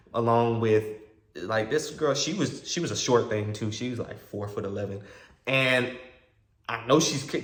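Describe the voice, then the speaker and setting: A man telling a dramatic personal story in a casual, animated way, full of slang and acted-out dialogue. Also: mid-range voice. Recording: roomy echo.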